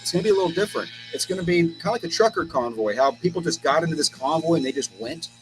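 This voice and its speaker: A man's voice: fairly high pitch, lively intonation, rapid-fire, over music, rough recording. A man from Texas, a guest in a casual conversation, who rambles and repeats words as he tells stories.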